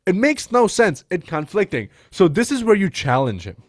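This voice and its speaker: A man's voice: high voice, normal speed, few pauses, dry recording, clean studio sound. A man coaching on sales messages in a casual, slangy way, often tossing in "bro" and "right?". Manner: animated, slangy, says "bro" and "right?" a lot.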